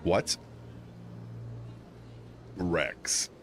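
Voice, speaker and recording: A man chatting excitedly while streaming a video game, rambling and laughing often. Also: drawn-out words, faint music behind. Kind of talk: casual gameplay commentary.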